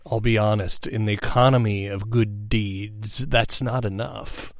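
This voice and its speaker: Low-voiced man telling a sermon story. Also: steady tone, no echo, clean studio sound. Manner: conversational, often asks "all right?"; reflective, meditative pauses. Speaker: preacher.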